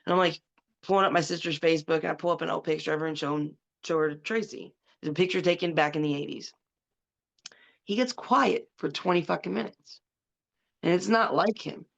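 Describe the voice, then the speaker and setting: A woman in her forties, a podcast guest telling a story in a blunt, animated way and swearing freely. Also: deep voice, brisk, creaky, lo-fi sound. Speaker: podcast guest, former wrestler. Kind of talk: casual storytelling.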